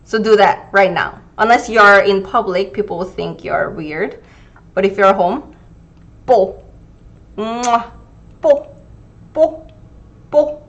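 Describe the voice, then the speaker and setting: Slow-speaking Korean teacher with Gyeongsang accent. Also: female voice, mid-range voice, expressive, muffled recording. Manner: slow, careful pronunciation drills, reading viewer comments. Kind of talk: live online lesson.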